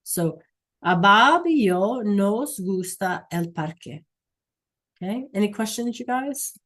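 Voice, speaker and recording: Slow, patient woman teaching an online class. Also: mid-range voice, animated, a bit bright. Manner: patient, checks in with "okay?" and "right?" often. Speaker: Spanish teacher.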